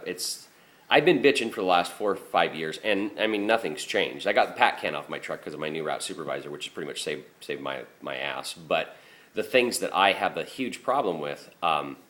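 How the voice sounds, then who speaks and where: A man's voice: deep voice, fairly bright tone. Plain-spoken, profane man rambling about work. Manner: frank, profane, many restarts and fillers. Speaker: garbage truck driver. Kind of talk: casual rambling monologue.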